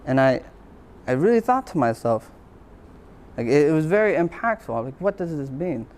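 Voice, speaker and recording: A university lecturer gives a motivational talk, earnestly recounting a personal story and repeating phrases for emphasis. His voice is fairly high and a little mellow, with large pitch swings and a normal pace.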